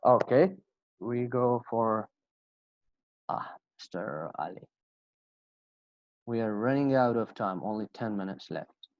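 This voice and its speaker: A man teaching an English class online, slowly repeating example phrases and asking students questions. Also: on the low side, animated, dry recording. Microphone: video call. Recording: dull lo-fi video call audio.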